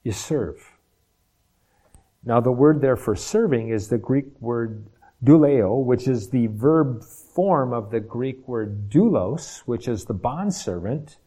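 Pastor, middle-aged man, warm low-key timbre, emphatic sermon delivery with repeated restarts. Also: animated, slow pace, breathy edge. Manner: emphatic preaching with frequent restarts and repetitions.

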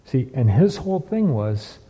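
A man's voice: mid-range voice, sing-song, unhurried, dark tone, breathy edge. Preaching man in a reverberant hall. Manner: preaching with heavy repetition and rhetorical questions. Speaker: pastor. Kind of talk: sermon. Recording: dull lo-fi with long hall reverb.

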